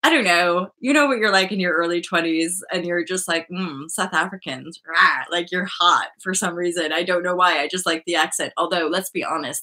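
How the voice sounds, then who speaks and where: A woman's voice: fairly low pitch, pushed and bright. A Canadian woman in her thirties hosting a spiritual web show, talking in a loose, rambling livestream chat and often restarting her sentences.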